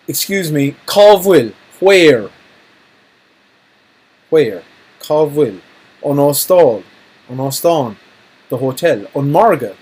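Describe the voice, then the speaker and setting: Teacher, male, husky, patient and jokey, drills phrases for kids. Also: a little high, darkish tone, low-quality recording. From Ireland. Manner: jokey, repeats phrases slowly for learners. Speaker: Irish language teacher. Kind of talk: recorded language lesson.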